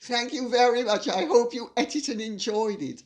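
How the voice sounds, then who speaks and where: A woman's voice: a little high, moderate pace. An older woman hosting her channel, reading viewer messages aloud and laughing often as she reads. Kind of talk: casual chat.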